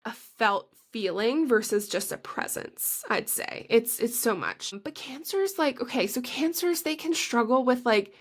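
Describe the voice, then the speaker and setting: A woman's voice: fairly high pitch, expressive, measured pace, few pauses. A woman co-hosting a podcast in casual chat, chatty and gushing, filling her talk with "like" and laughing mid-sentence. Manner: chatty and gushing, heavy use of "like". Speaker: podcast co-host.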